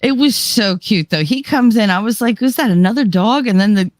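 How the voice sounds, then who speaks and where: A woman's voice: mid-range voice, expressive, a little fast, dry recording, studio quality. A woman co-hosting a casual stream chat, telling stories animatedly, quoting people and swearing freely. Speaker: stream co-host.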